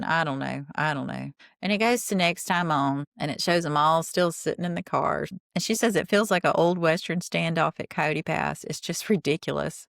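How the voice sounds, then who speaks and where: A woman hosting a podcast, talking through a reality show episode in a blunt, exasperated way and not shy about swearing. Her voice sits a bit low for a woman, recorded close and dry with no room sound around it. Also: vocal fry, a bit bright, no room sound. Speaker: podcast host. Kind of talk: casual recap commentary.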